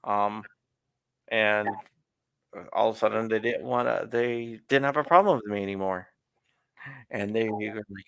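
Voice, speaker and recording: A man's voice: fairly low pitch, normal speed, gravelly, pauses often, fairly bright tone, clean tone, no echo. A man hosting a casual live-stream interview, rambling with frequent restarts and chuckles. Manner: rambling, restarts often, laughs while talking. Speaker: host.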